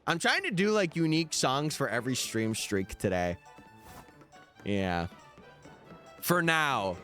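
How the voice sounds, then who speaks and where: Lively young man chatting on stream. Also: mid-range voice, measured pace, pauses often. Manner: chatty, reads out and answers viewer messages. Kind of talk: casual livestream chat. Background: faint background music.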